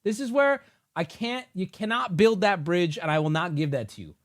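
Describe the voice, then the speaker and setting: A man's voice: sits high, expressive, moderate pace, no echo, clean studio sound. A male streamer doing profane reaction commentary, ranting in disbelief. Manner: incredulous ranting, swings up loud.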